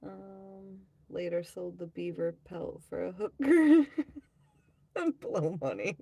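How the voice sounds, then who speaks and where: A woman hosts a casual live stream, reading her viewers' comments aloud and answering them in a rambling, offhand way. Her voice has a rough, gravelly fry, and she talks at an unhurried, drawn-out pace. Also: medium pitch, lively intonation, mellow, no echo. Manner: rambling, offhand, quick to laugh at herself. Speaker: livestream host.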